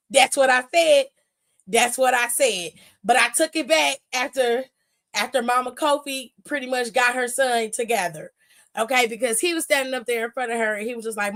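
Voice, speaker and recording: Animated woman recapping, slangy and laughing. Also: on the high side, moderate pace. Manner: animated storytelling, slangy, acts out quotes, laughs often. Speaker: wrestling recap host. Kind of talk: casual recap commentary.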